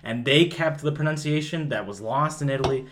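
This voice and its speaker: A man's voice: on the high side, a little fast, a bit bright, a little hiss or hum. Rambling man telling stories as a guest. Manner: rambling, self-deprecating storyteller. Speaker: podcast guest. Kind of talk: casual podcast chat.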